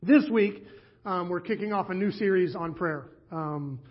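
A man's voice: sits high, unhurried, husky, muffled recording. A male pastor giving an earnest sermon, with frequent "um"s and "uh"s. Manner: earnest, with many fillers.

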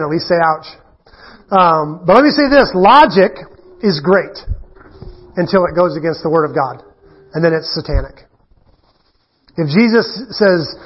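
A man preaching a sermon in a conversational, animated way, full of rhetorical questions. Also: sits high, slightly rough, muffled recording. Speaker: pastor.

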